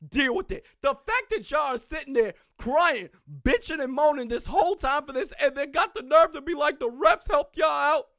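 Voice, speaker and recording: A man hosting a sports podcast, ranting sarcastically about rival fans and referee calls, now and then shouting. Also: very high voice, dry recording, studio quality.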